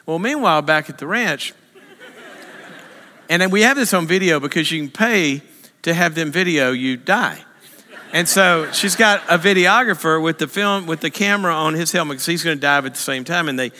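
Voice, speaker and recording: A man tells a humorous story to a church audience in an animated, self-mocking way, jumping into other people's voices. His voice is bright and a little high for a man. The sound carries the long reverb of a large hall. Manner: animated, self-mocking, acts out voices with big pitch jumps. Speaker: speaker telling a story in a church.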